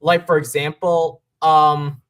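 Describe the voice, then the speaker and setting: A man hosting a casual sports talk stream with a fairly high voice. He rants in an exasperated way and throws in the odd curse. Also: flat delivery, takes it slowly, a bit bright, clean tone. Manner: ranting, frustrated, swears. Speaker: podcast host.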